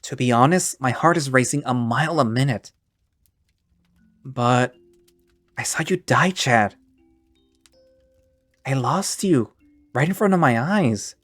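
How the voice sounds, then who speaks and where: A man's voice: medium pitch, animated, normal speed, pauses often, no room sound, close to an everyday voice. A tearful grown man, loyal and heartbroken, his voice trembling and splintering with each word, as a male narrator puts him on. It comes through dry and close, with faint music in the background. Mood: sobbing. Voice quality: shaky, cracking voice. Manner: pleading, choked-up. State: crying. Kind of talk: one-man audio drama.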